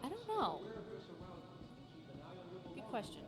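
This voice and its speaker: A woman's voice: high-pitched, wildly swooping pitch, slow pace, music in the background. A woman chiming in beside the streamer with short, dry, teasing remarks, heard from away from the microphone. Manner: brief dry interjections, teasing. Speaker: streamer's wife, co-commentator. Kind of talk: casual chat.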